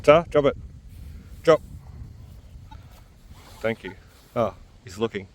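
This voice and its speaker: A man, giving casual, excitable commentary while metal detecting outdoors on a farm. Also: medium pitch, slow. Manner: excitable, chatty, often exclaiming.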